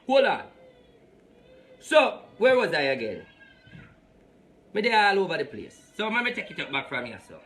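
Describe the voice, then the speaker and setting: A man's voice: sits high, big pitch swings, moderate pace, pauses often, fairly bright tone, a little hiss or hum. A man, a spiritual advisor hosting a live reading show, talking emphatically and preachily as he mixes patois with English.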